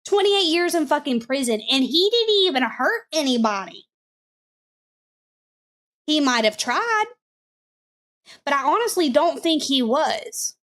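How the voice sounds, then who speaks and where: A woman streaming live, chatting casually and bluntly with lots of swearing and repeated phrases. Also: sits high. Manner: blunt and profane, repeats herself. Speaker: streamer reacting to clips.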